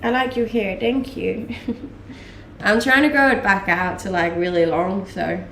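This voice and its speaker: On a live stream, a young Danish woman answers viewers' questions in a loose, chatty manner, full of laughs and filler words. She speaks at a medium pitch in a steady, slightly bright tone and at a measured pace. Slight background noise, room echo, and a mic placed a little away are audible.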